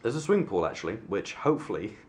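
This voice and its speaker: A man's voice: on the low side, very animated, quick pace, darkish tone. A young man chatting to camera in a casual vlog, rambling and self-mocking, with plenty of fillers and restarts. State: sunburnt. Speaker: vlogger.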